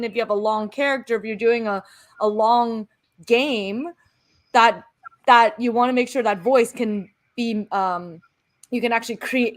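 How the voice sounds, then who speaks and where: A woman in her thirties, formerly an actor and producer, talks candidly and animatedly in casual chat. Her voice sits a little high, and she swears now and then.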